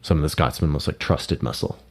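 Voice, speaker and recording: A man's voice: rumbling low, brisk, creaky. A man narrating as game master of a tabletop game, casual and full of small self-corrections.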